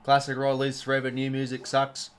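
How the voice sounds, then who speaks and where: A man's voice: mid-range voice, completely flat delivery, brisk, clean tone. A young Australian man hosting a live watch-along stream, chatting casually, full of fillers and greeting viewers from chat.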